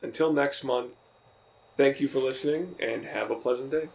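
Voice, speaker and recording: Casting note: laid-back man co-hosting a game podcast, playful, middle pitch. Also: moderate pace, gravelly, slight background noise. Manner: joking, laughs often. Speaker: podcast co-host. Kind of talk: casual podcast chat.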